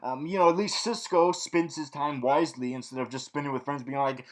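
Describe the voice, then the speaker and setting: A man's voice: mid-range voice, fairly even intonation, fairly quick, few pauses. A young man in a villain persona, rambling through a casual, snarky TV recap full of fillers and restarts. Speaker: vlog host recapping a TV show.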